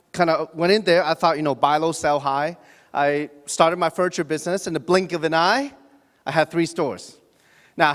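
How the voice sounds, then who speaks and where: High-voiced man working a crowd. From Hong Kong. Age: 40s. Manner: joking, asks the audience questions, frequent restarts and fillers. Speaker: motivational speaker at a business event. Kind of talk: motivational stage talk. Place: large hall before an audience. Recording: reverberant hall.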